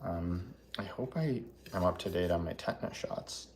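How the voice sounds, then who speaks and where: A man's voice: low-pitched, normal speed, a little mellow, a little hiss or hum. A man hosting a live baking stream from his home kitchen, chatting casually, joking and laughing often. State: laughing through a cut finger.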